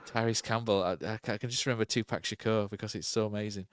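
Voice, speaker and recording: A man's voice: on the low side, steady tone, quick pace, no echo, studio quality. A man co-hosting a podcast, chatting casually about football and thinking aloud with many fillers and tag questions. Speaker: podcast co-host.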